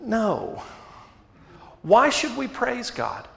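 A man preaching a sermon as pastor, asking rhetorical questions and dropping to quiet emphasis. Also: very high-pitched, wildly swooping pitch, extremely slow, vocal fry. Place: church sanctuary. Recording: echoey hall reverb.

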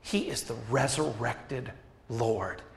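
A man preaching a sermon as pastor, asking rhetorical questions and dropping to quiet emphasis. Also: mid-range voice, very animated, slow. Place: church sanctuary. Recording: echoey hall reverb.

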